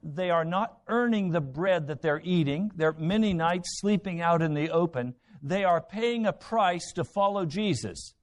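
A male pastor delivering a sermon with a slightly raised pitch. He preaches dramatically, slipping into the voices of Bible characters and firing rhetorical questions at the congregation. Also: measured pace, hardly any pauses.

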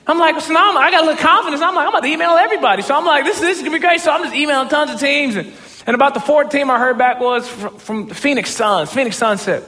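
Man, motivational speaker, humorous storytelling, self-mocking, excitable, bright voice, reverberant hall. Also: very high voice, racing. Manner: animated, self-mocking, bursts into excited shouts.

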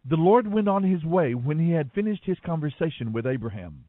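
Guy reading the bible, high voice, swoops around a lot, sounds like a phone line. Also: a little fast, no room sound. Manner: expressive, dramatic reading. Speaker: Bible reader. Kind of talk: scripture reading. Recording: tinny phone-like dry sound.

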